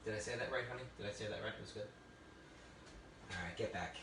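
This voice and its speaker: A man's voice: lowish voice, fast talker, noisy background. A man giving a live cooking demonstration, chatty and enthusiastic with frequent exclamations. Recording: roomy, distant mic with faint ambience.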